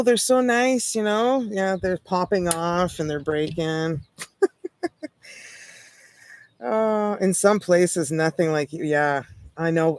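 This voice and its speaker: A woman's voice: low voice, darkish tone, no room sound. Chatty Canadian woman, dry close voice. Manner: chatty, rambling, peppered with "like" and light laughs. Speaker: tarot reader hosting a livestream. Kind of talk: casual livestream chat.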